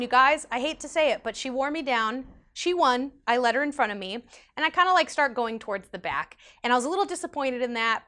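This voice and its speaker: A young woman casually telling a personal story, animated and chatty, with lots of "like" fillers. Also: high-pitched. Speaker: vlogger.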